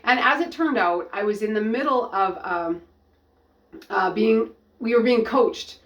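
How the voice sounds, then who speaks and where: A middle-aged woman giving a personal testimony, talking earnestly and haltingly, often restarting her sentences. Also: mid-range voice, dull audio. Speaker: ministry founder and coach.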